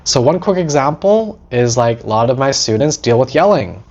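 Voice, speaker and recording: A man hosting a teaching talk about setting boundaries, animated, acting out short quoted lines and often asking "right?". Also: medium pitch, moderate pace, lo-fi sound. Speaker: host.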